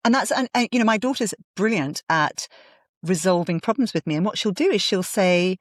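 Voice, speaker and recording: Expressive woman hosting a podcast. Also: medium pitch, no room sound, clean studio sound. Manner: warm, encouraging, quick to laugh. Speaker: host. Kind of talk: casual podcast conversation.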